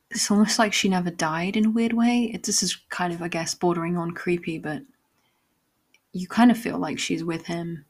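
A woman hosting a solo podcast, talking in a reflective, meandering way with many fillers and restarts. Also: fairly low pitch. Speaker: podcast host. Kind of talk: casual solo podcast ramble.

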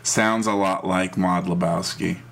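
Low-voiced man with halting dry asides. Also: steady tone, vocal fry, over a noisy crowd. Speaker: podcast co-host. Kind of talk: casual chat.

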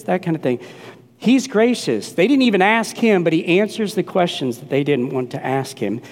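A middle-aged man from New Orleans preaching a sermon, telling stories emphatically and acting out the quoted voices. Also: on the high side. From New Orleans, USA. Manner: animated storytelling, emphatic, acts out quoted voices. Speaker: pastor. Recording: long hall reverb.

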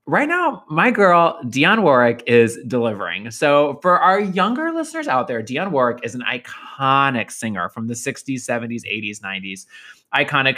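Male podcast co-host, gossipy and animated, pitch swinging widely, on a video call. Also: normal speed. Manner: animated, gossipy storytelling with frequent laughs. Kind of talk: casual chat.

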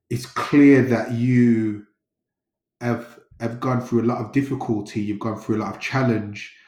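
Slow, encouraging man in an echoey room. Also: mid-range voice, warm tone. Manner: encouraging, many filler phrases like you know. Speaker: interview host. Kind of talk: casual interview.

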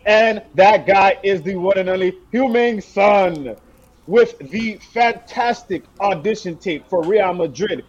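A man co-hosting a soccer podcast, trash-talking in an animated, slangy way and calling people "bro". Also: high voice, slow. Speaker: podcast co-host. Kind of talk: casual soccer banter. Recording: dull lo-fi sound.

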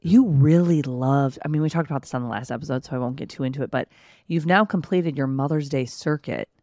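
A woman co-hosts a podcast in loose, chatty talk, laughing easily between questions. Her voice sits low for a woman, and the sound is dry and close with no room around it. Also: fairly quick, dark tone, no echo. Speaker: podcast co-host. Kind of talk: casual chat.

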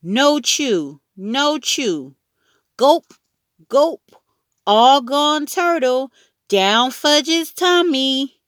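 A woman's voice: sits high, animated, very slow, fairly bright tone, no room sound, clean studio sound, pitched above the performer's own voice, exaggerated voice. A woman voicing a gleeful, mischievous toddler boy in babbling baby talk, in a storybook reading.

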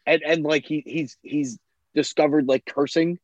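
A man's voice: a little high, steady tone, a little slow, no room sound. Male co-host, foul-mouthed and blunt, muffled dry recording. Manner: blunt, profane, ranting. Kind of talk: casual chat. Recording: dull lo-fi, dry.

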